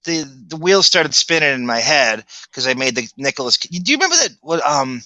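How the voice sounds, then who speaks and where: A man's voice: fairly high pitch, big pitch swings, a little fast, sharp tone, no room sound, dull audio. A man hosting a podcast, telling rambling stories in casual chat. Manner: rambling storytelling with restarts. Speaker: podcast host.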